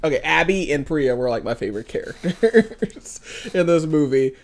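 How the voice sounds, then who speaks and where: A young woman co-hosting a casual movie review chat, giggling often and acting out quotes in high voices. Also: lively intonation, normal speed, darkish tone. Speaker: co-host.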